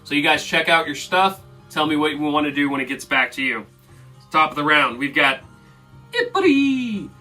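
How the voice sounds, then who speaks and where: A man runs a tabletop game as game master, narrating the action in a casual, loose way with fillers. His voice is bright and forceful. He sits a bit back from the mic, with faint music playing behind him. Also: fairly high pitch, fairly even intonation, brisk, distant mic.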